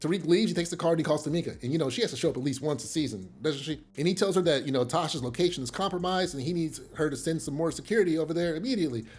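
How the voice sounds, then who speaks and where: A man casually recapping a TV episode, animated and profane. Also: a little high, racing, few pauses, breathy edge, faint music behind. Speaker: TV recap host.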